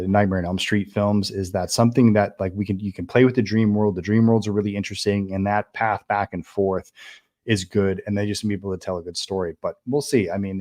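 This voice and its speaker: A man's voice: deep voice, darkish tone. A man in his thirties hosting a casual livestream Q&A, reading fan comments aloud, blunt and rambling, swearing freely with lots of fillers. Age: 30s.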